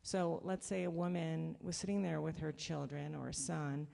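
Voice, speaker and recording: A woman panelist with a low, gravelly voice and a mellow tone. She speaks in a thoughtful, measured way. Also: steady tone. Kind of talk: panel talk.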